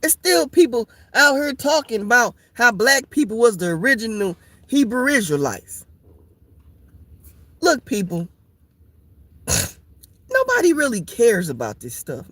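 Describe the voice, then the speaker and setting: A woman's voice: a little high, sing-song, a little slow, long pauses, no room sound. A woman leading an informal Bible study, repetitive and playful, laughing often as she preaches.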